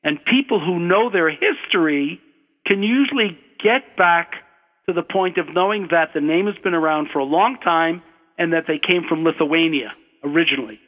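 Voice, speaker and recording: Older american guy spinning a long story, bit of a higher voice, tinny phone-line radio sound with echo. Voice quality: unhurried, digressive, self-correcting. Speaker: storyteller, guest. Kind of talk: personal anecdote on radio.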